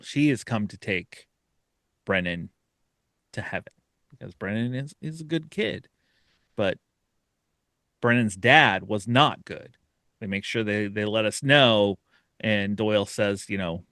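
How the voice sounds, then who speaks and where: A man hosting a podcast, casually and excitedly retelling a horror short film and acting out its characters' lines as he goes. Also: lowish voice, slow, long pauses, no echo, clean studio sound. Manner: animated retelling, acts out the characters' lines with laughter. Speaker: podcast host.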